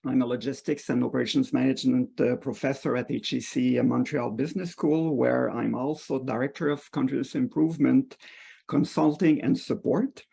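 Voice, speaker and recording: Man, very gravelly, husky, halting with fillers, video call. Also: medium pitch, steady tone, dark tone. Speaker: meetup facilitator and professor. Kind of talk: online meetup introduction.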